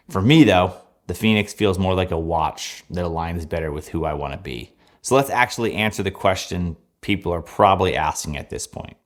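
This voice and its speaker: A man talking through a scripted review of running watches, measured and plain-spoken. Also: low-pitched.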